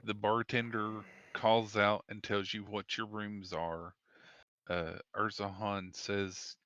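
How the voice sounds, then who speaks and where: A man's voice: lowish voice, flat delivery, takes it slowly, sharp tone, no room sound, muffled recording. A man narrating a tabletop game as game master, describing scenes at length. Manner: descriptive, with fillers and restarts.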